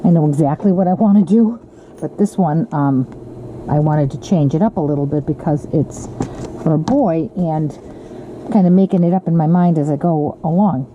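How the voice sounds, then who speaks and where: Woman, home crafter, casual chatty tutorial delivery, lowish voice, noisy lo-fi recording. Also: normal speed, mellow. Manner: chatty, with frequent ums and self-corrections. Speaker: card-making demonstrator. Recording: lo-fi with audible background noise.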